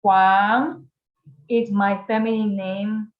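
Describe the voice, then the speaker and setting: A woman with a Taiwanese Mandarin accent leads a beginner language lesson, speaking at a very slow, deliberate pace. She models each word carefully so learners can repeat after her. Her voice sounds echoey and a little dull, as if recorded in a bare room. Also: fairly high pitch, lively intonation. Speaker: Mandarin teacher.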